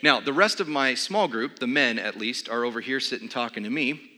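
Bright-voiced preacher telling a funny story. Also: male voice, medium pitch, a little fast. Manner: self-deprecating, comic timing. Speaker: pastor. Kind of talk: humorous storytelling sermon. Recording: long reverb of a large hall.

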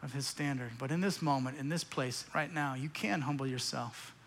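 A man's voice: medium pitch, moderate pace, a bit bright, big-room sound, slight background noise. A man preaching a sermon as pastor, earnest and pleading, often repeating phrases.

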